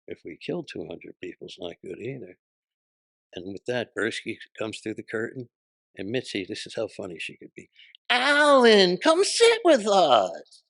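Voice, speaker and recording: A man's voice: deep voice, gravelly, dry recording. An older man, a comedian guest, telling punchy, profane anecdotes and acting out voices in an interview. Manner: punchy, profane, acts out voices in his stories.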